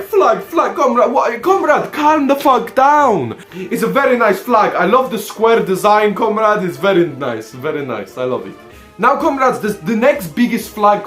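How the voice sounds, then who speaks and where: A young man with a strikingly high voice talks casually and cheekily to his viewers. He swears freely and keeps up a joking comrade routine. The room rings with echo, and faint music plays behind him. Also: fairly bright tone. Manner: brash, sweary, playful faux-Soviet "comrades" persona. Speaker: vlogger showing his flag collection. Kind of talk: casual comedic vlog.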